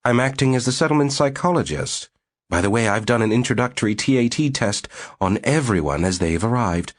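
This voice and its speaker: Condescending rat-eyed shrink, higher-pitched, clinical and brisk, as a male narrator reads him. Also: expressive, lightly acted.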